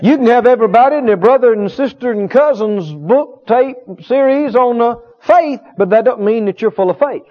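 A man preaches with a high, ringing voice, hammering key phrases again and again and pausing to draw agreement from his listeners. The recording is dull and lo-fi. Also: expressive, a faint crowd. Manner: emphatic, repetitive, call-and-response with the congregation. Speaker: healing school teacher and preacher. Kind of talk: sermon. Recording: dull lo-fi sound.

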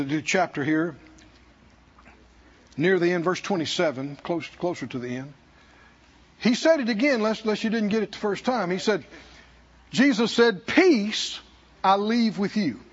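A male pastor with a very high, husky voice delivers a sermon that swings widely in pitch. He draws answers from the congregation and climbs into shouts. The recording sounds dull and lo-fi. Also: expressive, a little slow, long pauses. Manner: preaches with call-and-response, rising to shouts.

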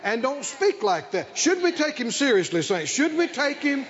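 An older man preaching a sermon, calling for responses from the congregation and building to shouted emphasis on a dull lo-fi recording. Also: extremely high pitch, big pitch swings, moderate pace, a crowd in the background. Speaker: pastor.

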